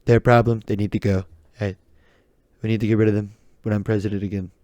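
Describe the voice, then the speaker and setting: A blustering older male politician, as a podcaster puts him on, pitched a little low and hammering the same slogans over and over. The voice sits dry and close with no room around it, delivered in a repetitive campaign-rally cadence. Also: flat delivery, quick pace, mellow, dry recording, lightly acted. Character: brash older male politician boasting about power.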